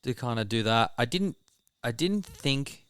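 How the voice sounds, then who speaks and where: A man's voice: medium pitch, lively intonation, a little slow, a bit bright, clean tone, no room sound, studio quality. An Australian man hosting a podcast, chatting casually and bluntly, swearing freely. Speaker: podcast host. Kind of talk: casual chat.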